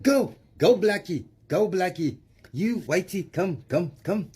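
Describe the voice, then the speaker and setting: A man voicing a mocking, gloating government official in a put-on South African accent, raising his voice high above his own. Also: animated, slow, a little mellow, breathy edge, heavily acted. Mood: taunting. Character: mocked government official, adult, gloating and dismissive.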